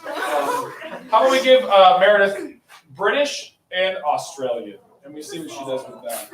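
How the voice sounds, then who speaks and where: A man's voice: high voice, expressive, normal speed, crowd noise. A man hosting a live improv comedy night, upbeat and chatty, laughing easily as he sets up games. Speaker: improv show host. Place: small coffee shop stage. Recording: roomy distant mic with faint noise.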